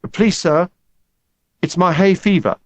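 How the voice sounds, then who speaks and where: A man's voice: high-pitched, unhurried, no room sound, voice pushed up. A man voicing a timid young schoolboy who fakes hay fever to get out of class, with a hesitant, pleading manner.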